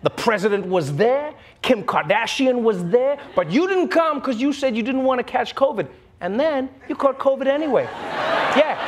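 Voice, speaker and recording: High-voiced animated male comedy host. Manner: animated, laughing asides, mock-indignant. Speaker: late-night host. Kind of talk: comedy monologue.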